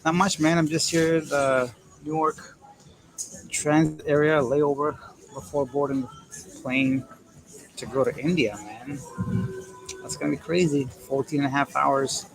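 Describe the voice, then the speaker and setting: A man from Canada, his voice a little high with vocal fry, speaks unhurriedly and fairly evenly, leaving long pauses. He's live-streaming by phone from an airport transit area, casually joking and rambling as he reads comments, amid crowd chatter and PA announcements.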